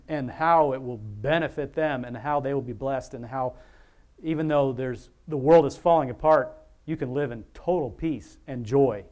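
A man's voice: mid-range voice, a little mellow. A man preaching an informal sermon in a rambling, conversational way, often chuckling as he talks.

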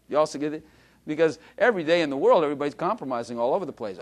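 This is a male pastor delivering a sermon in an animated, humorous storytelling manner. His voice sits a little high and rises and falls widely as he calls out to the congregation. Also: fairly quick.

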